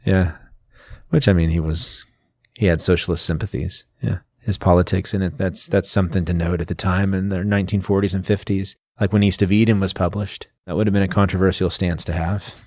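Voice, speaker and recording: Low-voiced man explaining books casually. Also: fairly even intonation, brisk, a little mellow, dry recording, studio quality. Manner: explanatory, lists facts, frequent restarts. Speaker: podcast host. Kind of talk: casual book discussion.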